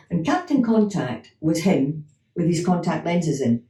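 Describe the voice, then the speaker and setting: A woman's voice: on the low side, slow. Woman hypnotherapist telling stories. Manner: lively anecdotes with acted-out dialogue and laughter. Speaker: clinical hypnotherapist. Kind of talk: storytelling in an interview. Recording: echoey room, distant from the mic.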